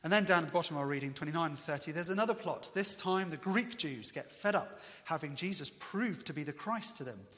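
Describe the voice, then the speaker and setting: A man preaching a sermon in a lively storytelling way, with bits of humour. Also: fairly high pitch, fairly quick, hardly any pauses, long reverb tail.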